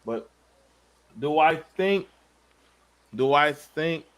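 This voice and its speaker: A man hosting a casual panel chat, animated and swearing, with bursts of loud emphasis and speech. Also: fairly high pitch, extremely slow. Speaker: show host.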